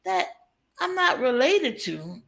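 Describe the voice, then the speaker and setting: A woman's voice: sits high, very animated, takes it slowly, fairly bright tone. A woman co-hosting a stream, chatting casually in an emphatic way and laughing often. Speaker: co-host. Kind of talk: casual chat.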